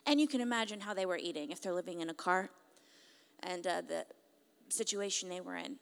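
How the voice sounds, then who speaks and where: A woman telling a moving story to an audience in an animated, emphatic way. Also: fairly low pitch, fairly quick, clean tone. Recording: long reverb.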